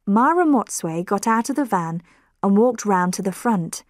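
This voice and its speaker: A woman reading a graded story for English learners aloud, slow and clear, lightly lifting her voice for quoted lines. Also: mid-range voice, lively intonation, dry recording. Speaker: audiobook narrator.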